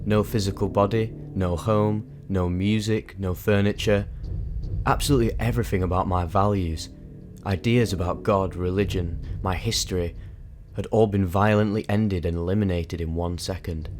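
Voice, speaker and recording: A man's voice: low-pitched, steady tone, moderate pace, a little mellow, soft background music. A man narrating a harrowing personal experience in vivid, intense, emphatic storytelling. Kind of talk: dramatic first-person storytelling.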